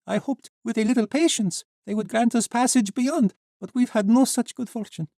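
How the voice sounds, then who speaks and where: Weary woman refugee, earnest and pleading, voiced by a male narrator up high. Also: normal speed, gravelly, warm tone, no room sound, clean studio sound.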